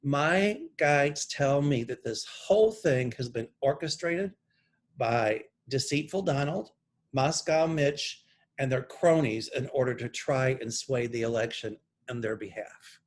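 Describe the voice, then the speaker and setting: A man working as a psychic, speaking straight to camera and reading channeled messages from his notes in an earnest, emphatic way. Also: medium pitch. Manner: deliberate, pointed, emphatic political commentary. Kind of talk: earnest monologue read from notes.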